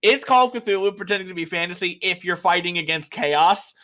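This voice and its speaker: A man's voice: high voice, a little fast, sharp tone. A man co-hosting a podcast in casual chat, emphatic and blunt, swearing freely and going into mock rants. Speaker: podcast co-host and game master. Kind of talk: casual chat about tabletop games.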